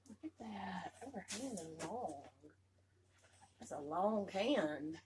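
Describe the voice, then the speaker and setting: A woman unboxing a doll on her vlog, gushing with repeated exclamations and drifting into soft murmurs. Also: medium pitch, lively intonation, slow, noisy background. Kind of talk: casual excited unboxing chat.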